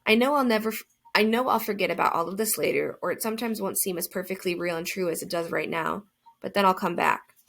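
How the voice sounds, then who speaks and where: A woman's voice: lowish voice, fast talker, vocal fry, fairly bright tone. A woman reading a first-person novel aloud as an audiobook narrator, earnest and reflective.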